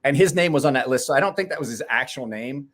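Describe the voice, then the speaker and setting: A man's voice: mid-range voice, lively intonation, fast, fairly bright tone. A man chatting casually as co-host, rambling and swearing as he tells stories. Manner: rambling, swearing, laughs often. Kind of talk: casual banter.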